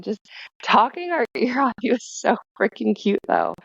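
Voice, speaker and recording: A woman guest in a casual podcast chat, telling stories with lively asides. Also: fairly high pitch, normal speed, gravelly, slightly rough, dry recording. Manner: chatty storyteller, lively asides. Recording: dull, dry lo-fi sound.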